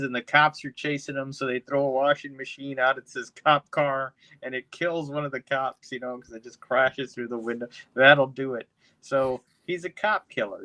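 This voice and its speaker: A man's voice: medium pitch, pushed and bright, no room sound. A man co-hosting a podcast, recapping a film in a loose, profane, rambling way. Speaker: podcast co-host. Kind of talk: casual podcast chat.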